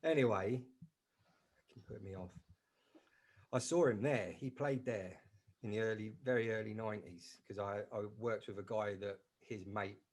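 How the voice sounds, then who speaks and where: A man's voice: lowish voice, normal speed, darkish tone. A man co-hosting a podcast, chatting casually and trailing off as he searches for words. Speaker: podcast co-host. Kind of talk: casual chat.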